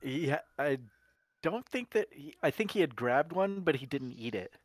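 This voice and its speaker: A man's voice: a little high, animated, normal speed, no echo. A man playing a tabletop game, describing his character in a laid-back, chuckling way. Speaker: player. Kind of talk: tabletop role-play.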